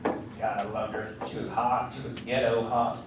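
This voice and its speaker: A man's voice: medium pitch, level tone, normal speed, heavy background noise. A man doing a stand-up comedy set on a club stage, with a brash, punchy delivery and voices for the people he quotes. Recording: roomy club recording from a distance with crowd. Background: audience laughter.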